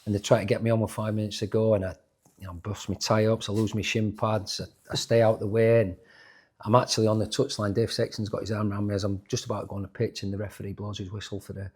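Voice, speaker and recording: A man, a former footballer telling animated stories in an interview, often restarting his sentences. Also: on the low side, fast, slightly rough. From Yorkshire, England. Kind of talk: casual interview storytelling.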